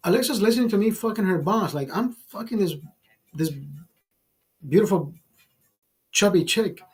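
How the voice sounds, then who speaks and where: Husky, raunchy rambling man. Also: high-pitched, darkish tone. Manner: profane, rambling and self-amused, with frequent restarts. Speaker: vlogger. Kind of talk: casual storytelling monologue.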